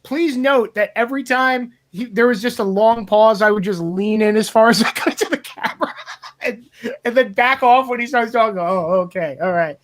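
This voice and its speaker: A man's voice: very high-pitched, moderate pace, a bit bright. A man telling rambling, profane stories in a casual podcast chat. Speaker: podcast co-host.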